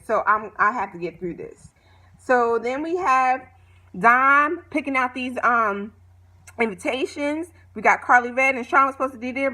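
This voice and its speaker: A woman vlogger casually recapping a reality show, animated, opinionated and full of slang. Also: a little high.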